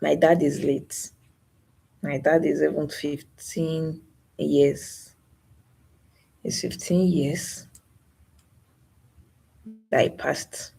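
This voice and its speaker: Slow, husky grieving young woman. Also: deep voice, steady tone, dark tone. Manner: grieving, repeats herself, sighs often. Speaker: channel host. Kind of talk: emotional live stream talk.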